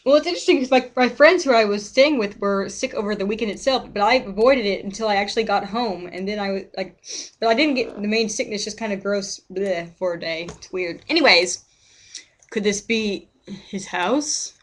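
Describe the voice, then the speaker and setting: Her mid-range voice moves briskly as she plays a game on stream, chatting and rambling casually. She keeps interrupting herself, frequently stopping mid-word.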